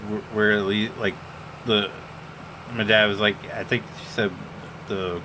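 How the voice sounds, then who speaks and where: A man's voice: fairly low pitch, little pitch movement, unhurried, background noise. A man hosting a casual gaming stream, telling a rambling story and quoting family members. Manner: rambling storyteller, quotes others. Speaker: streamer host.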